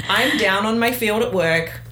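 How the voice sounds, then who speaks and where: A woman's voice: mid-range voice, unhurried, background noise. Woman telling a story animatedly. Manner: animated, acts out quoted dialogue. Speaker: guest sharing her story. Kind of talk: casual conversational storytelling.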